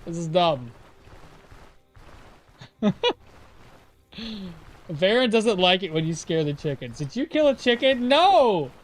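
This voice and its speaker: A man's voice: high-pitched, sing-song, slow pace, long pauses. A man streaming a game, chatting with viewers in an exasperated, laughing way. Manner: exasperated, laughing, talks to chat. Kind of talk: casual live-stream commentary.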